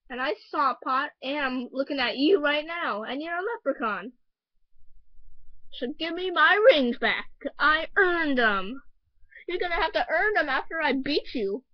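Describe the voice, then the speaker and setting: A woman's voice: sits high, no room sound, muffled recording. A woman voicing a cocky young male hedgehog hero in a fan dub, boastful and rambling.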